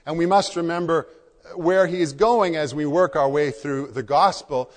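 Pastor preaching in an echoing hall. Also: male voice, on the high side, normal speed. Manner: earnest, repeats phrases for emphasis. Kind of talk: sermon. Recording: long hall reverb.

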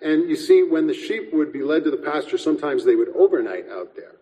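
A man preaching a sermon as pastor, measured and reflective, often restarting words as he speaks. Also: fairly high pitch, sing-song, dark tone, long reverb tail, low-quality recording.

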